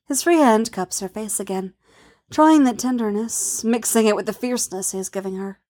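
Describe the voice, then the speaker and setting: A woman narrating a romance story in a soft, intimate, unhurried manner. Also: a little high.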